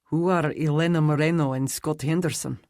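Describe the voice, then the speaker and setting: A male narrator voicing a weary immortal warrior who speaks softly and doubtfully. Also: on the high side, steady tone, brisk, dry recording, studio quality, natural voice. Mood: soft, wary. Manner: soft, doubtful.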